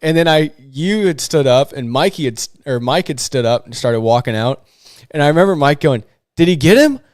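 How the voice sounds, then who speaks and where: A man co-hosting a podcast, telling a hunting story in an animated way and acting out what people said. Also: medium pitch, fairly quick, no room sound. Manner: animated storyteller, acts out quotes. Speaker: podcast co-host. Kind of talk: casual chat.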